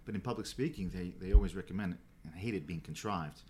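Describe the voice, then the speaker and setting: Man, low voice, podcast guest, stammering storyteller, swears a lot, faint background hum. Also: fast. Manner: animated storyteller, stammers and restarts, swears freely.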